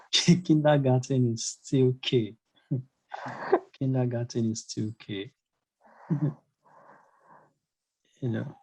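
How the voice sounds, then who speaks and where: A man's voice: medium pitch, drawn-out words, pauses often, husky, low-quality recording. A man teaching a casual online language lesson, hesitant, with many fillers and restarts. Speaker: German teacher.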